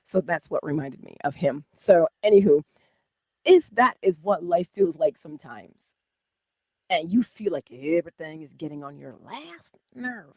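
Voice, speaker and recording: A middle-aged woman hosting a spiritual self-help livestream, talking casually and animatedly, jumping from loud exclamations to whispers. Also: on the low side, lively intonation, moderate pace, no room sound. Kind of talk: casual motivational talk.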